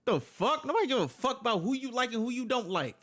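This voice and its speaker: A man's voice: very high-pitched, big pitch swings, quick pace, fairly bright tone. A man hosting a reaction video, reacting in casual, profane, exasperated outbursts.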